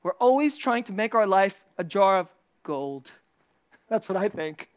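A preacher with a weekly video channel gives a casual, animated sermon, repeating key phrases and laughing often. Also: mid-range voice, a little slow.

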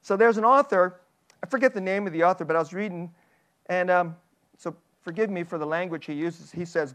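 A pastor giving a sermon, animated, laughing often, asking the audience many questions and acting out quoted voices. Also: mid-range voice, fairly quick.

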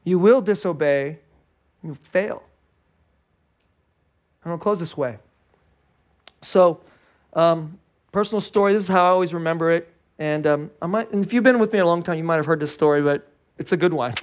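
A male pastor preaching a sermon in an animated way, acting out little scenes and laughing often. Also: on the high side, normal speed, long pauses. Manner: animated, acts out scared and joyful voices, laughs often.

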